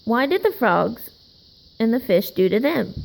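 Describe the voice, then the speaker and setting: A small young rabbit from a picture book, thoughtful and sad, as a woman reading puts him on. He speaks softly, with a gravelly edge. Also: on the high side, very animated, measured pace, a little hiss or hum, full character voice, low-quality recording. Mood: wistful.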